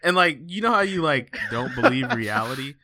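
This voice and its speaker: A man hosting a casual podcast, reading headlines and telling stories in an animated way, swearing freely and laughing often. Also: sits high, normal speed, creaky, crowd noise. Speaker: podcast host.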